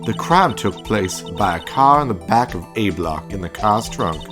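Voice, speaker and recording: A man's voice: on the low side, animated, normal speed, natural voice. A man voicing a brash, cocky former woman detective who runs a lunch stand, with a smug, taunting manner. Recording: game music behind voice.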